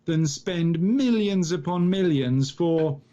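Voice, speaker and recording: A man co-hosting a podcast in casual chat, dry and skeptical in a measured way. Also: fairly high pitch, lively intonation, mellow, highs cut off. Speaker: podcast co-host.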